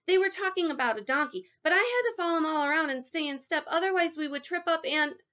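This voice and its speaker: Woman doing a loud, overeager boy. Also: high voice, very animated, takes it slowly, voice pushed up, heavily acted. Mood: eager. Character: eager, nervous boy auditioning.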